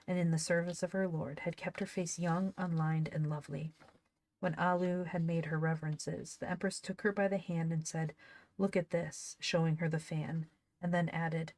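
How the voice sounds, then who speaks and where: Reading from an old storybook, a woman now and then breaks off to laugh and add her own remarks in this relaxed read-aloud. Her lowish voice stays steady and slightly mellow at normal speed, and the recording is dry.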